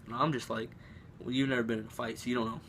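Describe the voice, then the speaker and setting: A teenage boy tells a school story to his camera in a loose, rambling way, leaning on fillers and starting lines over. His voice sits at a middle pitch. A faint room hum sits behind him at home. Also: little pitch movement, fast, a bit bright. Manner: rambling, filler-heavy, restarts often. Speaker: vlogger. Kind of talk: casual storytelling.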